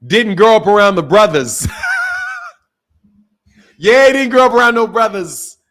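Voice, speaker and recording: A man's voice: high-pitched, expressive, measured pace, a bit bright. A man hosting a live stream, chatting casually with callers in a loose, profane, teasing way.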